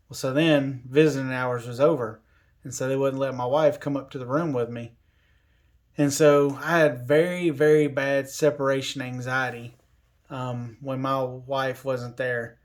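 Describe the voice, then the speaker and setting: A man tells a personal story casually, in an unhurried way. He drifts through fillers and restarts and quotes the people around him. His voice sits at an ordinary middle pitch. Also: fairly even intonation. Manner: unhurried, lots of fillers and restarts, quoting others. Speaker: covid survivor telling his story.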